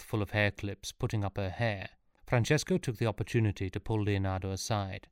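Low-voiced man reading a story. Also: fairly even intonation, brisk, smooth, no room sound, clean studio sound.

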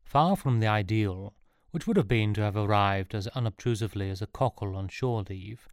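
A man reading a comic novel aloud with a wry, deadpan touch, his voice sitting low. The recording is close and completely dry, with no room sound at all. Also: no room sound. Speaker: narrator. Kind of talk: audiobook narration.

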